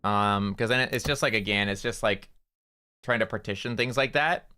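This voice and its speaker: The Canadian gamer speaks at a moderate pace in a clear, resonant, pushed and bright voice while chatting on his livestream. He wanders from topic to topic, swears sometimes, and switches to a high coo for his cats.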